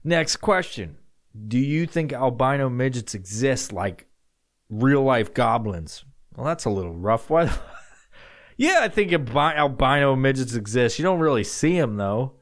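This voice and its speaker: A man's voice: medium pitch, very animated, a little slow. Rambling, profane podcast guy. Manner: profane, rambling, jumps into loud acted-out shouts. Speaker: podcast host answering listener questions. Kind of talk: casual solo podcast chat.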